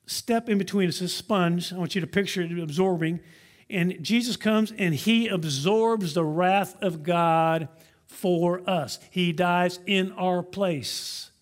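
A male pastor delivers a sermon in a fairly high voice. He is emphatic, drawing out important words and phrases slowly to drive them home. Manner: emphatic, slows down to stress key words; uses props to illustrate.

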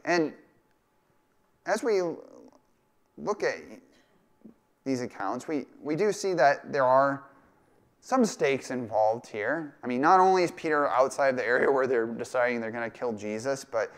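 Man, pastor, sermon, conversational, middle pitch, acts out quotes. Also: unhurried, pauses often.

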